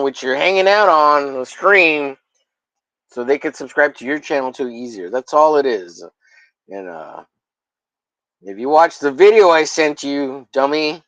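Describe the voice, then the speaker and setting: A man's voice: mid-range voice, fairly bright tone, dry recording, highs cut off. A man hosting a livestream in casual chat, rambling and swearing, with mock-angry jokes. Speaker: livestream host.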